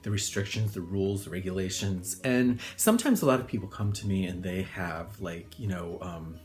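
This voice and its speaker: Chatty low-voiced man telling stories. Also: animated, normal speed, soft background music. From Connecticut, US. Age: older. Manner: chatty, rambling, full of fillers, acts out voices in high squeals. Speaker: hairdresser. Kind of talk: casual storytelling monologue.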